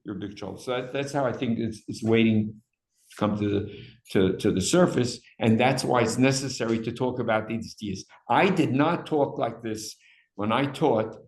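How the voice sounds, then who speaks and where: An older man lecturing to his evening class in a roomy, echoing room. He talks in an animated rush, repeating words as he builds his point. He now and then slips into quoting other people. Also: medium pitch, moderate pace.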